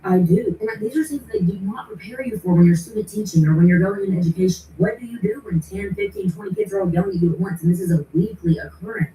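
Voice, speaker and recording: A woman high school teacher venting to the camera in a rapid, exasperated storytelling manner. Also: mellow, slight background noise. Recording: roomy and distant.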